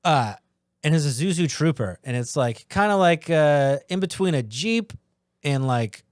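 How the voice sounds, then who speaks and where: A man co-hosting a podcast, swearing and laughing through animated casual stories. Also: on the high side, measured pace, no echo, clean studio sound. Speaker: podcast co-host. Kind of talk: casual chat.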